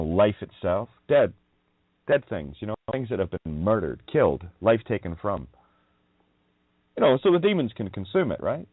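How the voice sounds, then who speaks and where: A man's voice: on the low side, no echo. A man hosting a radio show, ranting in a profane, mocking monologue and laughing often. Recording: dry, tinny phone-like line.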